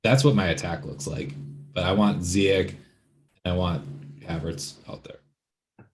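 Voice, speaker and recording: A man's voice: low-pitched, slow, a little hiss or hum. A man co-hosting a casual football podcast, hesitant and thinking aloud with fillers as he talks. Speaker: podcast co-host.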